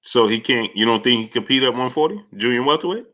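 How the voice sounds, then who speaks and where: Bright-voiced man hosting a boxing talk stream. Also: mid-range voice, animated, fast. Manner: repetitive and emphatic, frequent fillers and "you understand?". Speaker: sports talk show host. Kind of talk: live-stream boxing talk, greeting chat viewers.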